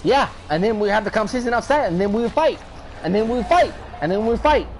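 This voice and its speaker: Quick and high-pitched with a lively lilt, a man streams a game and relays a lengthy, foul-mouthed story in slangy talk, repeating points as his temper rises. The audio is poor, with slight background noise.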